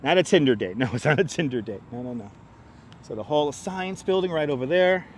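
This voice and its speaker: A man's voice: fairly high pitch, lively intonation, brisk, darkish tone, a little hiss or hum. A man hosting a casual live stream while walking outdoors in an urban park, chatty and teasing, greeting viewers as he goes.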